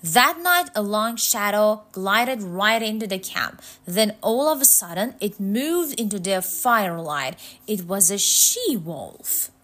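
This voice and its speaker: A woman narrating a storybook tale in a slow, measured, suspenseful way. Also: medium pitch, expressive, a bit bright.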